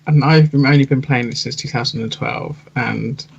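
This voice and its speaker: Gravelly, husky man co-hosting. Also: mid-range voice, normal speed, muffled recording. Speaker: podcast co-host. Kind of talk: casual chat.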